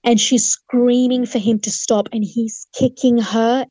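A woman's voice: fairly high pitch, fairly even intonation, unhurried, dark tone, no room sound. Earnest woman telling a dramatic story. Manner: earnest, vivid retelling with restarts and acted quotes. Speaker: interview guest. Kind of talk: personal testimony storytelling.

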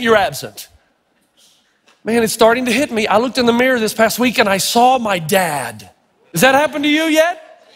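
A middle-aged man preaches with a strikingly high voice and tells stories in an animated, playful way. His words ring out in a large hall with a long reverb tail. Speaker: pastor. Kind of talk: sermon.

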